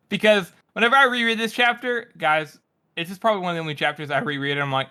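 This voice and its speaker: Male podcast co-host, crisp bright tone, blunt and casual, swears. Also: high voice, fast. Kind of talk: casual book discussion.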